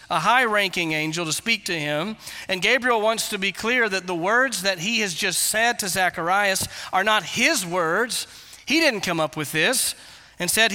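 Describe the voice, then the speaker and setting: A man's voice: high-pitched, bright, forceful tone, big-room sound. A male pastor preaching a sermon, earnest and explanatory, with emphatic repetitions.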